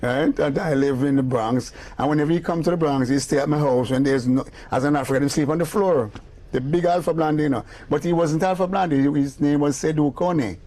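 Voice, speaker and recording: His voice fairly high and his pace fairly quick, an older Jamaican music producer tells stories during a laid-back interview. He's an animated storyteller, moving into patois and acting out the people he quotes.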